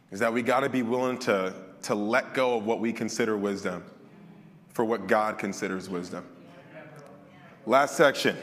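A man's voice: on the low side, a bit bright. Man preaching in a reverberant hall. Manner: candid and conversational, sharing a personal story. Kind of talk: sermon.

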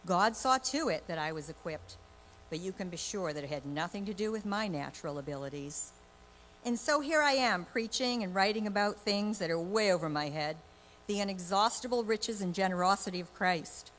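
A woman with a soft Boston accent reading scripture aloud in a sermon, with dramatic, varied emphasis. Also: medium pitch, animated, normal speed, long reverb tail, slight background noise. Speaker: scripture reader.

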